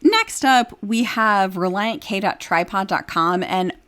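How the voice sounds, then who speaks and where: A woman's voice: mid-range voice, unhurried, fairly bright tone, smooth. A woman podcast host reading a review aloud in a casual chat, now and then breaking into giggles.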